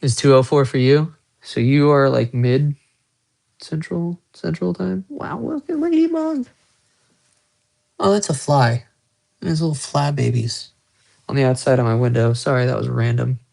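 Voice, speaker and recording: A man's voice: mid-range voice, fairly even intonation, normal speed, gravelly, a little mellow. A young man chatting casually with viewers on a phone live stream from a small room at home, rambling as he shows off his guitars and watches. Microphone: phone held close.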